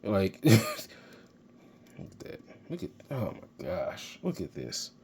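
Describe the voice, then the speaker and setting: A man reviewing an action figure in excited, rambling casual talk, geeking out. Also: low voice, slow pace, vocal fry, slight background noise. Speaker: toy reviewer. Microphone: handheld camera mic.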